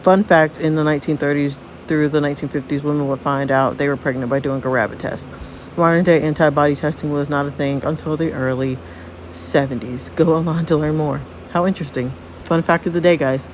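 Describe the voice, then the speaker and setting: A woman's voice: low voice, steady tone, brisk, slight background noise, poor audio. A woman doing casual, playful game commentary, swearing now and then. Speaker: gaming YouTuber.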